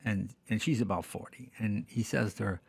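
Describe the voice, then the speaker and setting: An older man talking as a podcast guest, telling stories casually and acting out the people in them with lively voices. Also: lowish voice, normal speed, creaky, slightly rough, no room sound. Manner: acts out the dialogue in lively voices. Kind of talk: casual storytelling.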